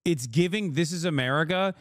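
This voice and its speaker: A man's voice: on the high side, fairly quick, fairly bright tone, no room sound, clean studio sound. A man streaming, reacting in casual commentary, rambling and swearing with lots of fillers. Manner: rambling, profane, loose with fillers.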